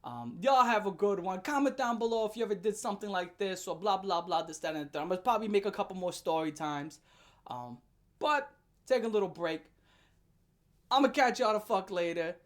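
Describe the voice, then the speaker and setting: A woman vlogger tells a storytime rant in a medium-pitched, brisk voice. She's animated and profane, breaking into loud laughing shouts.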